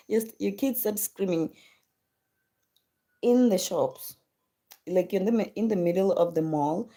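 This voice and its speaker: A woman's voice: fairly low pitch, mellow. Chatty mother hosting a live stream. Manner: chatty, repeats words for emphasis; thanks commenters by name. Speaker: livestream host and mother. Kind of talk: casual live-stream chat with viewers.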